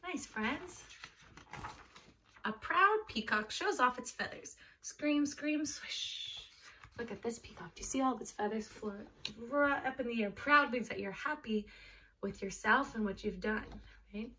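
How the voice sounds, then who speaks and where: A woman's voice: a little high, lively intonation, normal speed, bright, forceful tone. A woman reading a picture book and leading a children's yoga class, encouraging the kids in simple words. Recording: distant mic, faint background noise.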